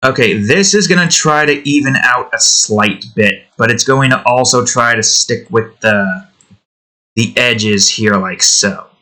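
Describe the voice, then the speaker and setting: A man with a bright, forward voice talks his way through building a game. He is from the United States and rambles casually, cracking jokes and swearing. He chats to the pieces on his screen as if they could hear him. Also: medium pitch, measured pace. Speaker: hobby game developer.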